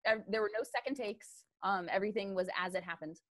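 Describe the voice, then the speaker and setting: A woman's voice: mid-range voice, quick pace, a bit bright, dry recording. Chatty woman golfer, dry sound. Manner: chatty, many fillers. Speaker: podcast guest, golfer. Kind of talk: casual interview talk.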